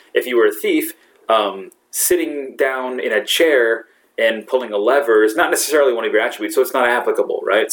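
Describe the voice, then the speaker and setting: Man running a tabletop game as game master. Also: on the low side. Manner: laughs often, restarts sentences. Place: brewery.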